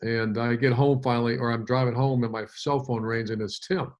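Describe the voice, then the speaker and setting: A man's voice: medium pitch, fairly even intonation, a little fast, a little mellow. A man in his fifties, a former head coach, telling a long story in an interview with many fillers and restarts.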